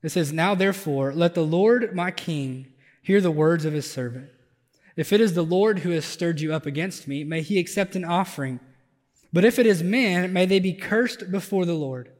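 A man's voice: high-pitched, normal speed, in a large hall. A man preaching a conversational sermon as pastor, building up intensity on his emphatic points. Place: church sanctuary.

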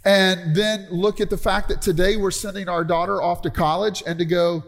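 Middle-aged male pastor, chatty sermon delivery that asks for amens, a touch high-pitched, recorded in an echoing sanctuary. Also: fairly even intonation, normal speed, hardly any pauses. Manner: conversational, calls out for amens. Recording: long hall reverb.

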